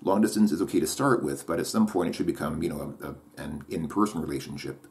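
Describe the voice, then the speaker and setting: Deep-voiced man rambling to camera. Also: fast talker, a little mellow. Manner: rambling, repeats himself. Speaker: vlogger. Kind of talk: casual vlog monologue.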